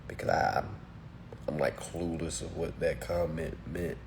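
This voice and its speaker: A man's voice: a bass voice, fairly even intonation, a little slow, noisy background. A man hosting a casual livestream monologue and answering viewer comments. He is blunt and preachy, repeats his points and keeps checking in with "all right?". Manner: emphatic and repetitive, hammering single words.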